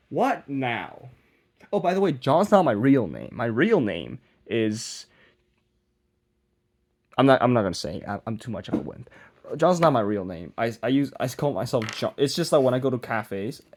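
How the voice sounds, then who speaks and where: A man's voice: mid-range voice, darkish tone. A young man talking casually to camera as he works on a project, mumbling and self-deprecating, often trailing off and restarting. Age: young adult. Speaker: vlogger. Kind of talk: casual rambling vlog while working.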